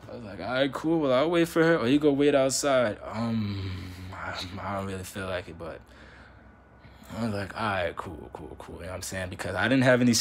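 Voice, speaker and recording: A young man with a lowish voice tells a long story in casual slang. He keeps acting out both sides of the argument. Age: young adult. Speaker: vlogger.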